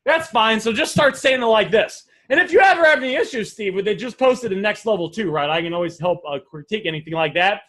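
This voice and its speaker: Man, sales coach, live online lesson, energetic, repetitive, very high pitch, bright edge. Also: quick pace, few pauses. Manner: energetic, repetitive, addresses listeners as guys. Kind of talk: live online teaching session.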